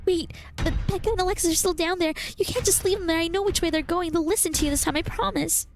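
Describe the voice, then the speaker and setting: A woman voicing an anxious, tearful teenage girl in a game read-aloud, speaking high and breathless. Her words come out as earnest pleas. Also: quick pace, a little hiss or hum. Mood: pleading.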